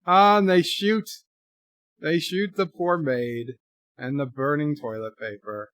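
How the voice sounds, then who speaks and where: A man's voice: on the high side, fairly even intonation, takes it slowly, a bit bright, no echo. A man hosting a live movie rewatch, chatting and reading viewer comments aloud as he reacts.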